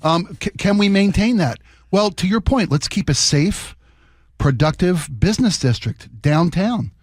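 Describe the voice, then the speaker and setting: A man co-hosting a talk radio show, eager and quick to jump in and finish others' sentences. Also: high voice, lively intonation, no echo, studio quality.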